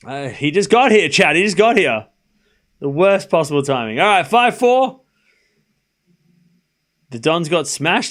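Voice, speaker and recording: A man's voice: fairly high pitch, very animated, unhurried, pauses often, a bit bright. A young Australian man streaming live tennis commentary, calling points and bantering with his chat. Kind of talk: live watchalong commentary, chatting with viewers.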